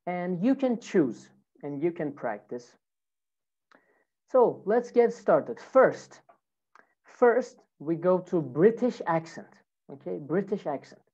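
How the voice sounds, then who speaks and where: A woman with a low, mellow voice teaches English in a live online class, greeting each student by name in a friendly manner. She speaks slowly, and the sound comes through a computer mic, a bit dull and lo-fi. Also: sing-song, slightly rough.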